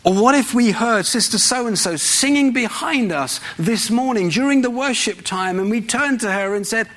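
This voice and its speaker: A man's voice: extremely high pitch, lively intonation, normal speed, a bit bright. A man preaching a sermon in a church, conversational and full of rhetorical questions.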